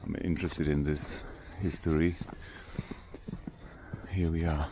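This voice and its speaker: A German-accented man talks his way through an outdoor walk, his voice very deep and flat with little rise and fall. He stops and restarts often while he hunts for the right English words, and a faint outdoor hush sits under his voice. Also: background noise. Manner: halting, searching for English words, many restarts. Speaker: vlogger. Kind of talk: casual walking tour narration. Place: outdoor cemetery.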